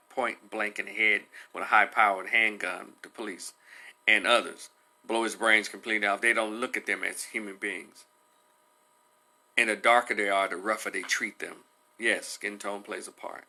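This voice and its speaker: A man talking loosely on a livestream, rambling with many fillers and animated retelling. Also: on the low side. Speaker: livestream commentator. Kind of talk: casual livestream commentary.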